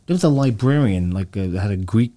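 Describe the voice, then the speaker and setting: New man telling a lively story. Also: lowish voice, brisk. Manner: animated, acts out other people's lines. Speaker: podcast co-host. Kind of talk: casual storytelling chat.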